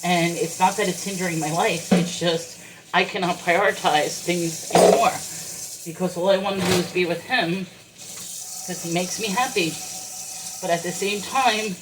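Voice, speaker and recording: Woman vlogger, low voice, tearful confessional rant, home kitchen, dishes and water running behind. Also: noisy background. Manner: tearful, fighting back crying. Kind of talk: emotional personal vlog rant.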